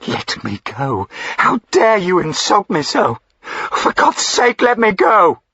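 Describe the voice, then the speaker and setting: A man voicing a frightened but defiant young noblewoman who cries out in a high, strained voice in a period story reading. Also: animated, slow pace, pushed and bright, slightly rough, dry recording, exaggerated voice. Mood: desperate. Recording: dull lo-fi recording.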